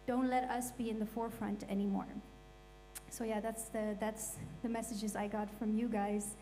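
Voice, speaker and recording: A woman's voice: mid-range voice, flat delivery, moderate pace, dark tone, low-quality recording. A woman speaking on a panel stage, emotional and impassioned, blunt about what she feels. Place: event stage. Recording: faint mains hum.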